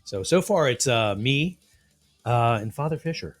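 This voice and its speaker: A man with a medium-pitched voice speaks a little slowly over faint background music. He's co-hosting a casual podcast, telling stories with animation and acting out what people said.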